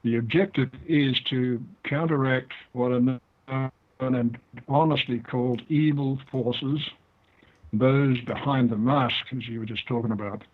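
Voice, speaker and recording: An older man with a New Zealand accent, a guest author talking deliberately through an interview. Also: medium pitch, steady tone. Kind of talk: interview over the phone. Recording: tinny phone line.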